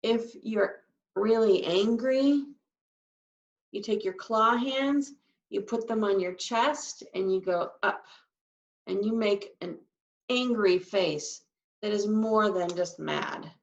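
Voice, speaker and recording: Her voice is medium-pitched and gravelly, and she speaks slowly while teaching sign language, patiently explaining each sign in steps. The sound is roomy, dull, lo-fi, and picked up from a distance.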